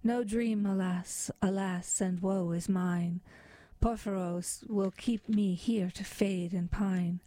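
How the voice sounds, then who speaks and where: Sorrowful young bride, read by a woman, slow, mellow and tender. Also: medium pitch, steady tone, no room sound, natural voice. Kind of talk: poetry reading.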